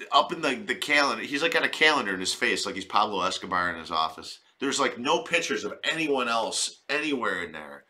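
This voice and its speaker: A man's voice: fairly low pitch, bright, forceful tone. Crude, rambling male commentator. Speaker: video commentator. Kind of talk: comic reaction commentary.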